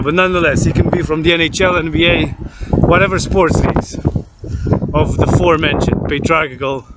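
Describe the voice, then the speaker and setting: Rambling man, higher voice, loud traffic. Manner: repetitive, lists things over and over. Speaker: vlogger. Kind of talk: rambling monologue story. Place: outdoors near a street with passing vehicles. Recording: loud traffic noise outdoors.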